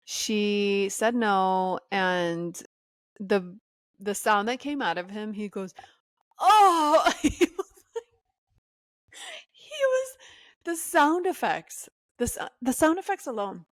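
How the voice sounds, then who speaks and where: A woman's voice: mid-range voice, no room sound. A woman hosting a podcast alone, giving opinionated, sassy commentary and ranting with laughs. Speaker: podcast host.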